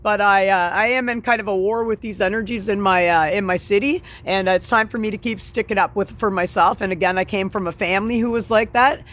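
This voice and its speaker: A man's voice: high-pitched, fairly even intonation, a bit bright. A man in his forties ranting outdoors in a vlog monologue, swearing heavily, repeating himself and stumbling over fillers. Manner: profane, repetitive, halting with many fillers. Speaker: sobriety vlogger. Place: outdoors at dusk.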